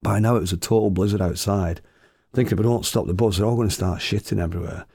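A man with a gravelly voice telling a comic story, swearing and chuckling as he goes. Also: lowish voice, fast talker, dark tone, no room sound. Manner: swearing, chuckling anecdotal delivery.

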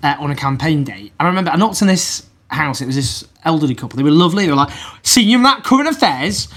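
A man from Manchester with a Mancunian accent, telling campaign stories quickly and animatedly in a casual political chat. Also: a little high. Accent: Mancunian English. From Manchester, England. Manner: rapid, animated storytelling with restarts and quoted voices.

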